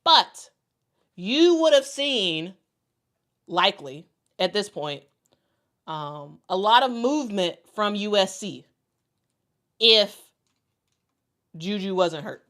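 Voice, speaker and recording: Speaking slowly with long pauses, this woman has a medium-pitched, slightly bright voice and lively intonation. Her basketball commentary is casual, mixing in viewer comments, and she drives her points home by saying them again.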